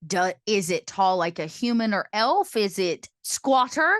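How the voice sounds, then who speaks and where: A woman's voice: mid-range voice, sing-song, a little slow, fairly bright tone, no echo, clean studio sound. A woman playing a dwarf in a tabletop game, asking the game master questions. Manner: curious, asks questions. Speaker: player. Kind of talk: tabletop role-play.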